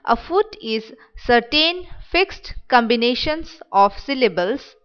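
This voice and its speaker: A woman reading a lesson aloud at an even pace, stopping to spell words out letter by letter. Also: fairly high pitch, slow pace, clean tone, dull audio. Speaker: teacher. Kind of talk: slow read-aloud lesson.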